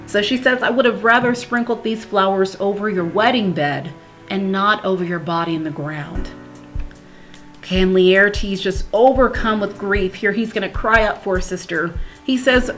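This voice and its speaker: Woman explaining a play over soft music. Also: mid-range voice, steady tone. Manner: reads quoted verse slowly, then paraphrases casually. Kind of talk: explanatory read-through of a play. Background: soft background music.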